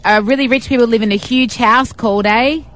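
A woman's voice: fairly high pitch, fairly even intonation, a little fast. A woman co-hosting breakfast radio, chatty and teasing. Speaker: radio co-host.

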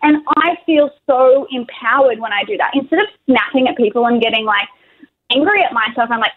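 An enthusiastic woman talks as a podcast guest, leaning hard on her emphasis. Her voice is high and bright, and it comes through a thin, phone-like line. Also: a little fast. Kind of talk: casual chat.

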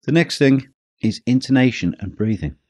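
A man hosting a teaching podcast, talking in a measured way and slowing down for emphasis. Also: medium pitch, expressive, darkish tone, no echo. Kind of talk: scripted podcast talk.

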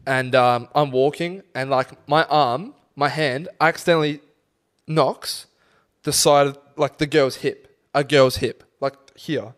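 A man's voice: mid-range voice, fairly even intonation, measured pace, fairly bright tone. A man co-hosting a podcast, telling a night-out story in casual chat, swearing freely and acting out quotes. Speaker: podcast co-host.

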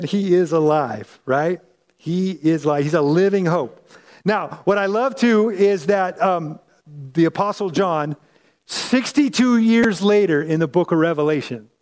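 A male pastor giving a casual, animated sermon full of slang, acting out the people in the story. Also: high voice, long reverb tail.

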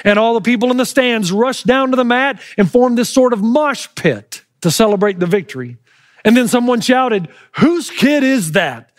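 A middle-aged man preaching from the pulpit with a high, bright-sitting voice. He tells his story with animated energy, rising into loud, shouted lines. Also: moderate pace, dry recording, clean studio sound. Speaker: pastor. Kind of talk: sermon.

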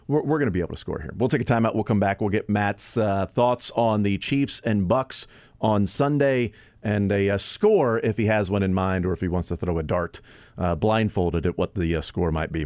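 A man hosts a sports talk radio show, working through game analysis in a relaxed conversational way with plenty of fillers. His voice sits on the low side, and it is recorded close on a dry studio mic. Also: no room sound. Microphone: studio broadcast mic.

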